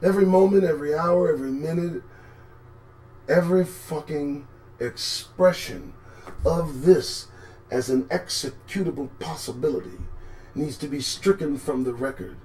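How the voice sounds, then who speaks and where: A man hosting a live commentary show, talking in a sarcastic, profane way and swinging from low mutters to sudden shouts. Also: moderate pace. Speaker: host.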